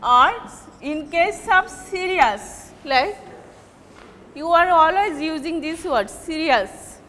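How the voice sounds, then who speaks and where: A woman with a Bangladeshi English accent gives a classroom lecture on word stress, pausing often and repeating example words. Her voice is high and bright. The reverberant room carries a faint hum of ambience. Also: lively intonation. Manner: slow, halting explanation with repeated example words. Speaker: English teacher.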